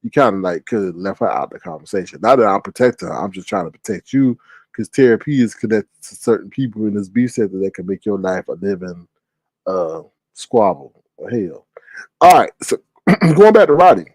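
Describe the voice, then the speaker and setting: A man hosting a drama commentary vlog, telling stories in an animated, mocking way. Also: on the low side, fairly quick, no echo. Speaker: host.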